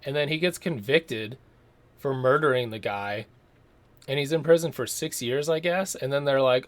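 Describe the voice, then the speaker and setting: A man talking through a movie review in a relaxed, rambling way. He swears casually and keeps mimicking the people he describes. His voice sits in an ordinary middle register. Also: medium pitch, moderate pace, no echo. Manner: rambling, profane, slips into mocking impressions.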